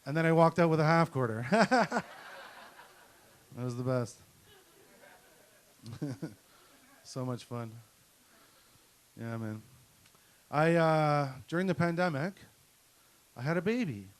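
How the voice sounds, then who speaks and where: A middle-aged male comedian tells crude, profane stories in a ranting stand-up style. His voice sits a little on the high side for a man. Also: lively intonation, takes it slowly, pauses often, a little hiss or hum. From Canada. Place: comedy night at a venue with an audience.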